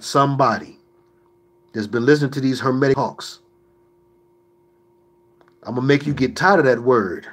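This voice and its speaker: A man's voice: mid-range voice, fairly bright tone. A man hosting a livestream, answering viewer questions in an emphatic, preachy way with mocking asides.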